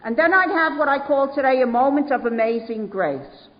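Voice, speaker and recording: A woman's voice: high-pitched, lively intonation, normal speed, highs cut off. New woman in a reverberant hall. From New York. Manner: storytelling, emphatic repetitions. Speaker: AA speaker. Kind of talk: recovery talk to a meeting. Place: meeting hall.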